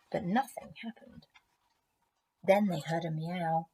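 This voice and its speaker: A woman teacher reading a picture book aloud to children, expressive and gentle, with chatty asides. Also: fairly low pitch, moderate pace, slightly rough.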